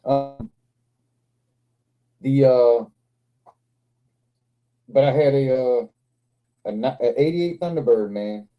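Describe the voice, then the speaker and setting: A man's voice: medium pitch, slow pace, long pauses, muffled recording. A man in his forties hosting a livestream, telling rambling, profane stories with frequent laughter. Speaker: livestream host. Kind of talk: casual storytelling chat.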